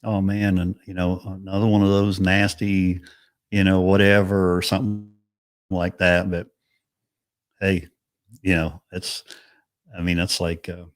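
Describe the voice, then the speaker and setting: Very deep-voiced, easygoing man reminiscing. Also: no echo, clean studio sound. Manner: easygoing, halting, many "you know"s. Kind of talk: casual conversation.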